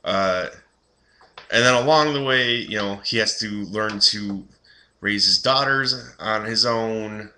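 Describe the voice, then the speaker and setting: A man's voice: fairly low pitch, slow, sharp tone, a little hiss or hum. A young man giving a casual, rambling film review, full of fillers and restarts.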